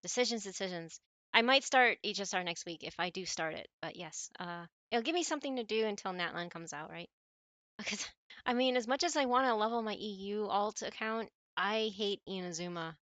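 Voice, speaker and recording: A woman's voice: medium pitch, brisk, fairly bright tone, no room sound. An American woman streaming games, chatting casually with viewers and rambling with frequent restarts and self-corrections. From United States. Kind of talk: casual gaming stream chat.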